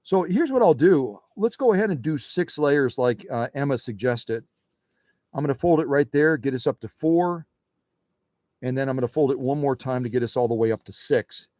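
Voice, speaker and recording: A man's voice: medium pitch, lively intonation, moderate pace, a little mellow, no echo, studio quality. Folksy man demonstrating a sewing machine. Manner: chatty, folksy, reads viewer chat. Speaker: sewing machine restorer hosting a livestream. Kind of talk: live how-to demonstration.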